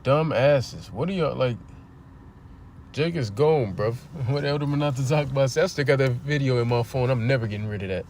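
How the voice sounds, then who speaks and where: A man's voice: medium pitch, fast talker, hardly any pauses, a little mellow, slight background noise. A man preaching informally on a livestream near a street. He reads scripture aloud, asks his listeners rhetorical questions and swears bluntly as he drives his points home. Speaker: preacher streaming a scripture teaching.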